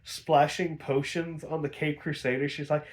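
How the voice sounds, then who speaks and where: A young man talks through a TV episode in a loose, chatty way. His voice sits a little high, and he laughs often and fills pauses with "uh" and "like.". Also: level tone. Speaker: episode reviewer. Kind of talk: casual episode recap.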